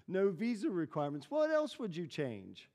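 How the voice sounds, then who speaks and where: In a reverberant church hall, a pastor with a high-pitched, dark-toned voice delivers a conversational sermon. He tells stories and puts questions to the congregation in a chatty manner.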